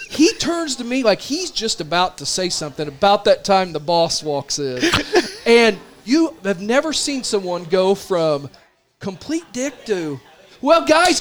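A man in his thirties tells a story in loose, casual chat, slipping into the voices of the people in it. His voice sits high, and his pitch swings widely as he goes. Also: a little hiss or hum. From Indiana. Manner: animated storyteller, acts out voices of others.

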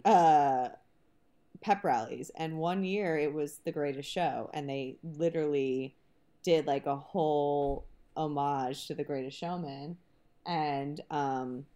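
A woman co-hosting a casual movie podcast, animated and quick to laugh. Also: low-pitched. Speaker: podcast co-host; high school staff. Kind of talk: casual chat.

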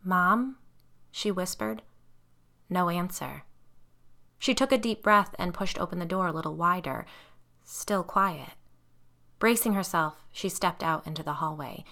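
Bright, low-pitched woman narrating. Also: measured pace, long pauses. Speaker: audiobook narrator. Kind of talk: scripted audiobook narration.

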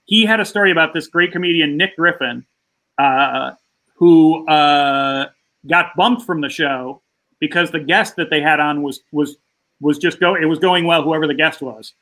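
Comedian guy telling a story on a podcast, kinda high voice, bright and punchy, does little voices for everyone. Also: moderate pace, low-quality recording. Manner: lively anecdote-telling, acting out quoted voices. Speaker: stand-up comedian guest. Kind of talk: casual interview storytelling.

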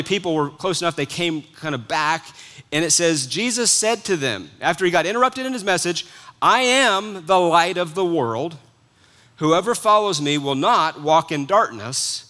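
Pastor, male, high bright voice; earnest sermon delivery with hushed dips and emphatic rises. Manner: earnest preaching, swings between soft hushed lines and rising emphatic ones.

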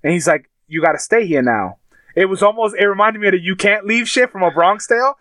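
A man chatting casually, retelling TV scenes with animated, crude language. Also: sits high, quick pace, no room sound. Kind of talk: casual chat.

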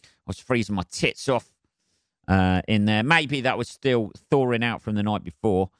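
A man's voice: on the low side, moderate pace, no room sound, clean studio sound. A man, a stand-up comedian, hosting his own podcast in rambling, self-deprecating chat full of swearing and apologies. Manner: rambling with many fillers and jumpy emphasis. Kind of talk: casual solo podcast chat.

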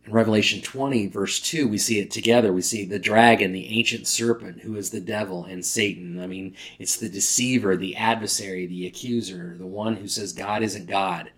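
A man's voice: lowish voice, fairly even intonation, moderate pace, hardly any pauses, fairly bright tone. A male pastor giving a conversational, emphatic sermon, often restarting phrases.

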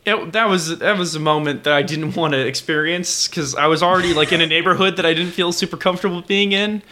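A man's voice: on the high side, fast talker, bright, forceful tone. A man co-hosting a podcast, telling rambling, profane stories in casual chat. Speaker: podcast co-host.

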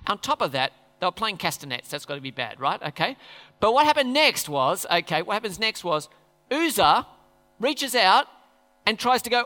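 A man's voice: high voice, sing-song, moderate pace, sharp tone. A man preaching a sermon in a church hall, talking conversationally and posing questions to the congregation. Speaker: pastor. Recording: echoey hall reverb.

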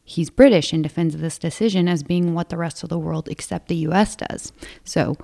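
A woman's voice: on the low side, a little fast, vocal fry, warm tone. A woman co-hosting a podcast, telling stories and teasing her co-host in a wry, casual way. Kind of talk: casual chat.

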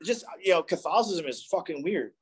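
Thirtysomething guy rambling and cursing through a sobriety story, animated, swears a lot. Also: high-pitched, brisk, a crowd in the background. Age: 30s. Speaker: recovery meeting speaker. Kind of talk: casual storytelling talk.

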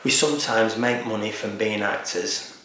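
A man's voice: on the low side, normal speed, bright, forceful tone. A man chatting casually as a podcast co-host, with wry, teasing humour. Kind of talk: casual chat. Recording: echoey room, distant mic.

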